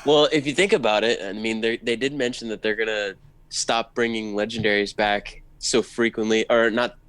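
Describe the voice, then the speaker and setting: A man's voice: fairly low pitch, fairly even intonation, moderate pace, fairly bright tone, dry recording, rough recording. A man on a gaming panel, talking casually in a laid-back way. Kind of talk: casual chat.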